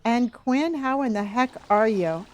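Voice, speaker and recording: While playing a game on a live stream, a woman with a slightly high, expressive voice chats casually at a measured pace. Her commentary is playful and gently teasing, and she thanks viewers by name, calling them honey and dear.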